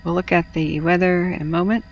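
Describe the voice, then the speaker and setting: A woman hosting a casual wildfire-tracking livestream, chatty and halting, out of breath and feverish. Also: fairly low pitch, level tone, muffled recording, a little hiss or hum. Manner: chatty, halting, addresses viewers as friends.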